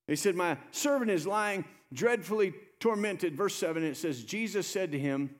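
In an animated sermon, a male pastor acts out the voices of the story's characters and presses the congregation to respond. His pitch is a little high and his speed is normal.

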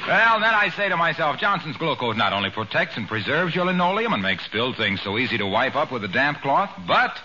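A man's voice: medium pitch, very animated, brisk, few pauses, dull audio, natural voice. An actor playing an earnest announcer with a polished salesman delivery in 1940s radio comedy acting. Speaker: announcer-type neighbor. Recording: old radio recording with faint hiss.

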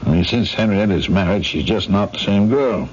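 A man plays a gruff middle-aged corporate boss, brisk and businesslike in a lowish voice. It comes through a muffled old radio broadcast with faint hiss. It is a vintage radio drama. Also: lively intonation, a little mellow, natural voice. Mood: concerned.

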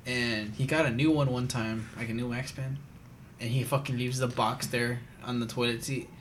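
A man's voice: mid-range voice, fairly even intonation, normal speed. Man, podcast host, casual chat, loose and profane, faint noise. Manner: loose, profane storytelling with frequent laughs.

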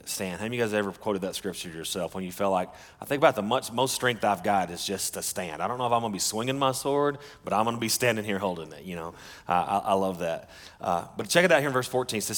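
A male pastor preaching with a low voice. His earnest delivery stops and restarts often, and his words carry a long reverb through a large church hall. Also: fairly bright tone. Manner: earnest, halting, with frequent restarts. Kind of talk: sermon.

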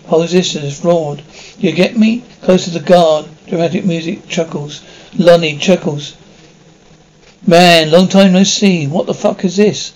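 A man flatly reading out a film script, stage directions and every character's lines alike, without acting them. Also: fairly high pitch, a little slow, low-quality recording. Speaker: script reader. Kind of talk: flat reading of a screenplay, stage directions included.

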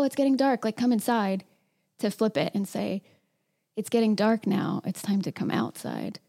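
Mellow-voiced woman leading a discussion. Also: mid-range voice. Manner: conversational, many fillers, asks questions. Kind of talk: casual group discussion.

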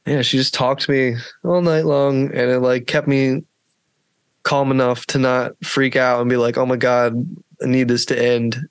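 A man's voice: mid-range voice, little pitch movement, moderate pace, smooth, dry recording. A man hosting a podcast, telling a long story in a loose, rambling way, full of fillers and swearing. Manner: rambling, laid-back, heavy with "like" and swearing. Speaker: podcast host. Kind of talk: casual storytelling chat.

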